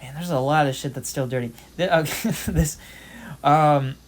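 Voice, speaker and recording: A man's voice: on the high side, measured pace. Rambling young man chatting over gameplay. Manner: rambling, filler-heavy storytelling with frequent "um" and "like"; loose, swears casually. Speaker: gameplay channel host. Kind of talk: casual gameplay commentary.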